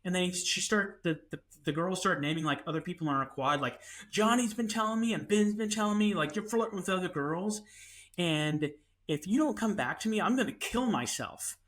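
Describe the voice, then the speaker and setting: A man, co-hosting a podcast and telling a story in an animated way, acting out what people said. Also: high-pitched, a little fast. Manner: animated, acts out quotes, many restarts. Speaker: podcast co-host. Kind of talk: casual storytelling.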